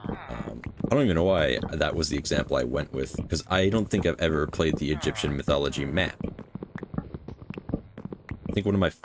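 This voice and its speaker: A man's voice: extremely low pitch, expressive, a little fast, gravelly, long pauses, noisy background. A man casually commenting on his building game for his own channel, rambling with many fillers and restarts. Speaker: gaming channel host.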